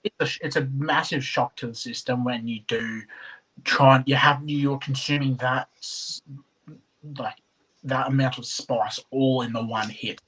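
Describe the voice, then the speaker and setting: Husky-voiced man, reflective. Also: mid-range voice, steady tone, unhurried, fairly bright tone, rough recording. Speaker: competitive chilli eater, guest. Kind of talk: casual chat.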